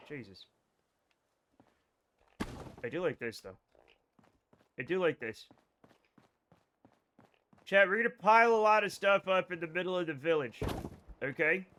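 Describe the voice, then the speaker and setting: Game streamer, young man, bright high voice, bantering with chat, keyboard clicks behind. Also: a little hiss or hum. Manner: excitable, bantering with chat, sudden outbursts. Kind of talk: casual live gameplay commentary.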